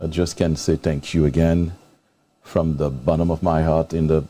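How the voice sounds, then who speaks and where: A man's voice: very deep voice, little pitch movement, normal speed, dark tone, slight background noise. A man hosting a live interview show, openly moved and thanking his guest at length. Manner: emotional, effusive thanks. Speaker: host.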